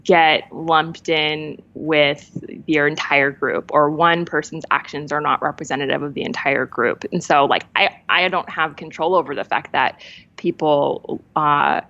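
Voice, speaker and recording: A woman's voice: sits low, steady tone, unhurried, a bit bright, lo-fi sound. A woman guest talking candidly in a casual conversation, laughing often and shifting her pace. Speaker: podcast guest.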